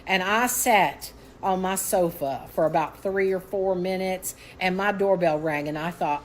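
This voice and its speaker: A woman's voice: lowish voice, measured pace, hardly any pauses, a little hiss or hum, rough recording. A woman tells a personal story in an emphatic, dramatic way, swearing bluntly. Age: 60s. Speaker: guest.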